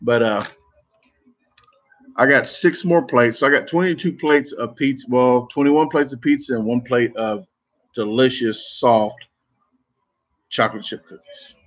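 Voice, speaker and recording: Brief: man, mid-pitch voice, casual live stream chat, rambling stories, muffled lo-fi audio. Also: a little slow, long pauses. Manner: rambling, self-interrupting storytelling. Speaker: competitive eater streamer.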